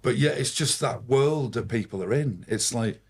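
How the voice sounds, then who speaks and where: A man's voice: medium pitch, moderate pace, breathy edge. A man, a podcast guest, telling rambling, swearing anecdotes in casual storytelling.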